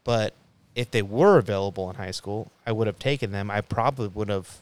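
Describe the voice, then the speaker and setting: A young man with a low, smooth, resonant voice tells a story in a loose, profane way. He rambles and restarts often as he talks at a podcast round table. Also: brisk. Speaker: podcast co-host. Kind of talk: casual round table chat.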